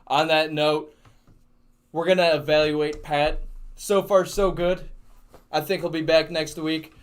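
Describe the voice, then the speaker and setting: A man's voice: a little high, level tone, a little slow. Playful male podcast host. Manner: playful, wraps up the show. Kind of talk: casual chat.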